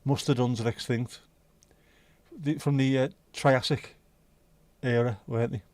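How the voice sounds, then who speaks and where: A man's voice: mid-range voice, fairly even intonation, a little slow, darkish tone, dry recording. Chatty man, rambling. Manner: rambling, chatty, sweary asides. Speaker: livestream host. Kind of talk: casual solo livestream chat. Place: home.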